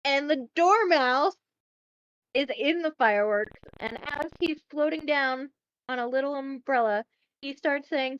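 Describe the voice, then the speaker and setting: A woman co-hosting a casual podcast, retelling a film in a chatty, profane, animated way. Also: sits high, unhurried, muffled recording. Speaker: podcast co-host.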